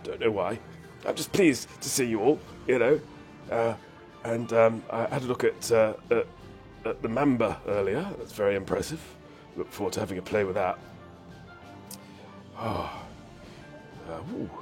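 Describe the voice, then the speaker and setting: A man's voice: on the low side, moderate pace, long pauses, darkish tone. A man chatting through a game stream, rambling and whimsical, a bit ill and hyper. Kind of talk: casual live-stream commentary. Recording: faint game music behind.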